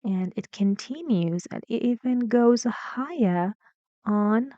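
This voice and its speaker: A woman teaching English pronunciation, talking slowly and deliberately and drawing out words to model rising and falling pitch. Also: expressive, dark tone, no echo. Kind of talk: pronunciation lesson. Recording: slightly dull lo-fi dry sound.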